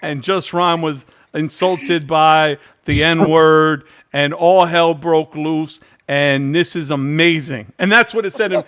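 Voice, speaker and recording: Profane, animated man telling a story. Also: on the high side, takes it slowly, few pauses, clean tone. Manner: candid, profane, animated storyteller acting out quotes. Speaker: host. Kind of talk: casual storytelling on a video call.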